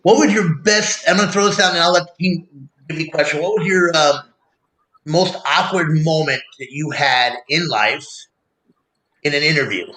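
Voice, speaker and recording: A man's voice: a little high, moderate pace, pushed and bright. A man hosting an interview, asking loose, rambling questions. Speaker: interview host. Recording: roomy echo, off-mic.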